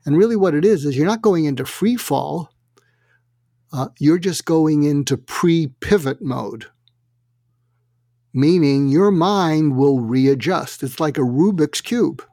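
A man telling anecdotes as an interview guest, animated and acting out quotes, with frequent fillers. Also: a little high, slow, no room sound, studio quality. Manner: animated, acts out quotes in other voices. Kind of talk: anecdotal storytelling.

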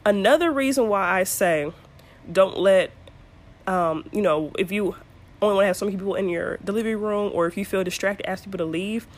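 Young woman, casual storytelling, candid and chatty, mid pitch. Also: brisk. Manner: chatty and candid, with playful asides. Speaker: vlogger telling her birth story.

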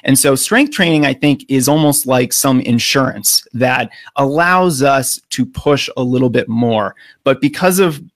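American man, running coach, earnest explainer, mid-pitched voice, dead dry recording. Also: measured pace, few pauses, no room sound. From United States. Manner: earnest, explanatory, with filler words. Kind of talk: podcast interview.

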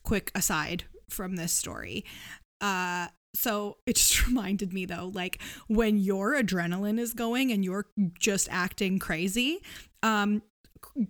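A woman co-hosting a podcast, reading a listener's story aloud with casual, giggly asides. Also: mid-range voice. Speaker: podcast co-host.

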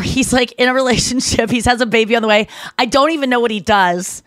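A Canadian woman co-hosting a podcast, telling stories in casual chat with lots of "like" and quick self-corrections. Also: a little high, a bit bright, no echo. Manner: chatty storytelling, heavy use of "like", quick self-corrections. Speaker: podcast co-host.

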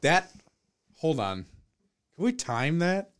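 Host, male, lively pitch, swears a lot, casual storyteller. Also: slow, clean tone. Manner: animated, swears freely, laughs often.

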